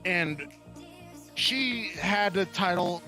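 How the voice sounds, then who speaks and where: A man's voice: sits high, animated, very slow, pushed and bright, faint music behind. A man from Louisiana with a mixed Louisiana and Texas accent, telling rambling stories as a guest in a casual live-stream interview. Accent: Louisiana and Texas Southern US. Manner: storytelling, rambling with fillers. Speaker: guest, roleplay gang member.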